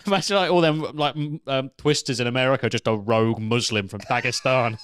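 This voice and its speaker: A man co-hosting a comedy podcast, his mock-earnest jokes landing in a deadpan tone. His voice sits at an ordinary middle pitch, and it is recorded close and dry. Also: brisk, smooth, no room sound. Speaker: co-host. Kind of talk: crude comedy banter.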